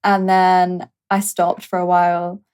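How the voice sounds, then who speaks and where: A woman's voice: on the low side, completely flat delivery, measured pace, darkish tone, clear, resonant tone. A woman guest on a podcast, chatting casually in a friendly, easygoing way and laughing along. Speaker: guest content creator. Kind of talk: casual chat.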